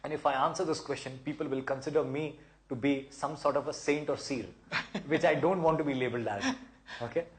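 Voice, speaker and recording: A man's voice: medium pitch, steady tone, brisk, a little hiss or hum. Encouraging man giving life advice. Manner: encouraging, explains at length with repeated words. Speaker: host answering viewer questions. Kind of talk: casual advice talk.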